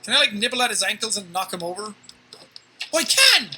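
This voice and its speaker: A woman giving excitable gameplay commentary, laughing often and slipping into silly voices. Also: mid-range voice, fairly quick, soft background music. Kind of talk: let's-play reaction commentary.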